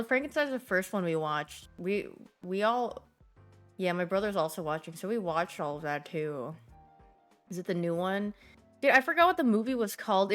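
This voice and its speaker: A young woman livestreamer chatting casually, rambling and giggly with sudden excited squeals. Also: medium pitch. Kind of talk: casual stream chat.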